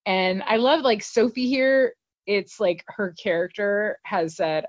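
A woman's voice: mid-range voice, measured pace, no echo. A woman co-hosting a podcast, recapping an episode in casual, laughing, filler-heavy chat. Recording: dull lo-fi dry recording.

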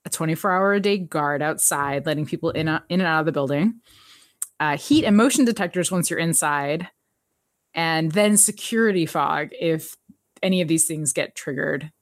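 A woman hosting a podcast, chatting casually as she recaps an episode, telling it in an animated way, laughing often and acting out the characters' lines. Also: sits low, normal speed, no room sound, studio quality. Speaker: podcast host.

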